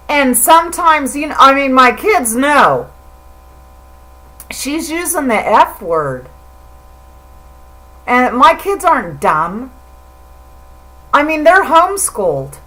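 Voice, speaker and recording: A woman's voice: high-pitched, pushed and bright, poor audio. A middle-aged woman talking straight to the camera in an emotional, rambling religious monologue, stammering and repeating herself as she goes. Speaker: vlogger.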